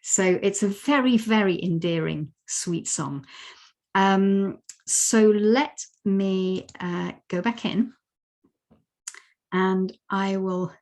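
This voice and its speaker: On a video call, a woman gives an online talk about songs, explaining them and singing wordless melodies to teach them. Her mid-range voice is slow and a little mellow.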